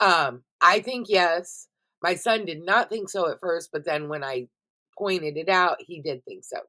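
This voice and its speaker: A middle-aged woman vlogger, chatting casually and expressively to her viewers about what she has been watching, swearing freely as she goes. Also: low-pitched. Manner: chatty, expressive and profane, addresses viewers directly. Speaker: vlogger reviewing TV shows. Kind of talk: casual chatty recap vlog.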